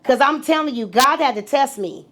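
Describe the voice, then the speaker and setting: A middle-aged woman with a high voice tells her story as a podcast guest. She is animated and profane, and she acts out the people she talks about. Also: normal speed.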